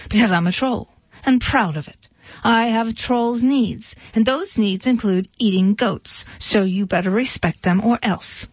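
A hairy, smelly bridge troll who blusters slowly and gruffly, as a woman reader puts him on. He drags his words with a heavy, self-pitying weight. The recording is dull and dry. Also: fairly high pitch, dry recording. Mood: menacing.

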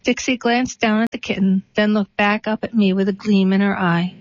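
A woman reading a short story and then a poem aloud, steady and unhurried. The recording is dry and a little dull, as if made close up on a modest microphone. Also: mid-range voice, dry recording. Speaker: reader.

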